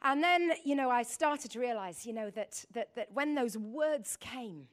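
A woman's voice: a little high, lively intonation, measured pace. A middle-aged woman preaching a sermon, telling a personal story in a rambling, emotional way and calling on the congregation to repeat words.

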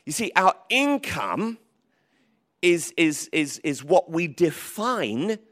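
A man preaching a sermon in church, lively and emphatic, with frequent restarts. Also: a little high, takes it slowly. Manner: lively, rising to emphatic calls, with many restarts. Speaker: pastor.

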